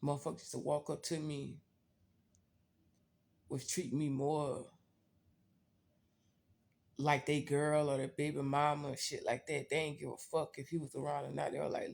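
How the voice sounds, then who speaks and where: A woman's voice: sits low, fairly even intonation, normal speed, creaky, long pauses, darkish tone, breathy edge. A woman vlogger telling a personal story in a blunt, profane, candid way, talking straight to her viewers.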